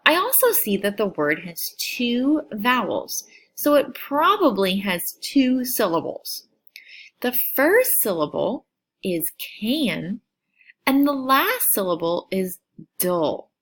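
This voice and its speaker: A woman teacher giving a recorded phonics lesson for children, sounding out syllables with slow, clear over-enunciation. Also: fairly high pitch, very animated, fairly bright tone.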